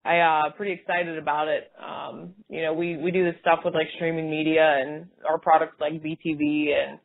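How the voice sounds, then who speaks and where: A woman's voice: sits low, flat delivery, normal speed, creaky, voice pushed down. A woman doing a bored, mumbling salesperson. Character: bored, flat-voiced new salesperson on a call. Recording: tinny phone line.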